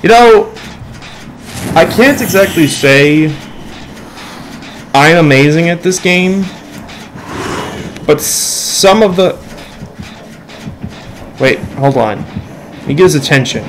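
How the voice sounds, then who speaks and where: A teenage boy giving loose, excitable commentary while playing a game, yelling at teammates and mocking himself. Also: a little high, takes it slowly, long pauses, a little hiss or hum, rough recording. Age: teens. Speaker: gamer. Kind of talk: let's play commentary. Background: game music.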